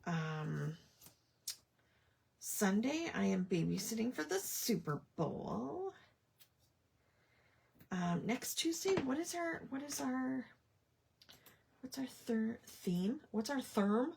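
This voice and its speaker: A woman's voice: on the high side, big pitch swings, takes it slowly, vocal fry, pauses often, a little mellow, husky. A woman hosting a casual livestream crafting chat, talking with friends and muttering to herself as she works. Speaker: craft show host.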